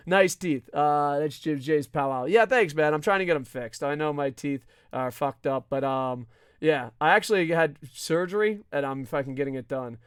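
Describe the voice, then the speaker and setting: A man hosts a live wrestling podcast, ranting and yelling with heavy swearing. His voice sits a little high and rings smooth and resonant. The sound is dry and close, with no room echo. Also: normal speed. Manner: loud, profane, often yelling. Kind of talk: live-streamed ranting commentary.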